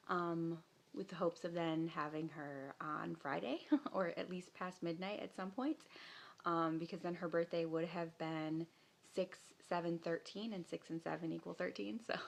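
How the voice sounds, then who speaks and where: Young woman vlogger, casual storyteller, lowish gravelly voice. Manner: chatty, lots of fillers and laughs.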